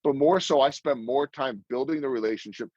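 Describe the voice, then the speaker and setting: A man's voice: mid-range voice, a little fast, a little mellow, slightly rough, no echo, highs cut off. A man in his fifties, a sports broadcaster guest telling stories in an interview and acting out the lines he quotes. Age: 50s. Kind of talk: storytelling interview answers.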